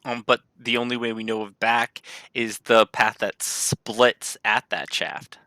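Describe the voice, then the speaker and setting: Bright-voiced man player, dry sound. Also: medium pitch, flat delivery, a little slow, no echo. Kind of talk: casual tabletop game chat.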